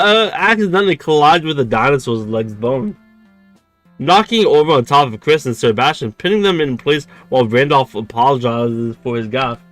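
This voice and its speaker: A man's voice: medium pitch, a bit bright. Giggly, stammering male streamer reading game text aloud; faint music bed. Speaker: gaming streamer. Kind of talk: reading and reacting to a dating game.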